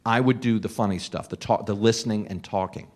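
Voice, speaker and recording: A middle-aged man, a comedian, telling a casual anecdote in an animated way, with restarts and laughs. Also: on the low side, fairly quick. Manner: animated storyteller with many restarts. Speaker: comedian guest telling a story.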